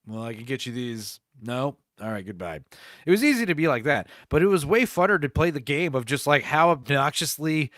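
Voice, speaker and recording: A man's voice: medium pitch, expressive, brisk, a bit bright, no echo, clean studio sound. A man co-hosting a podcast, chatting casually, swearing freely and slipping into mock voices. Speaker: podcast co-host. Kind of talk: casual chat.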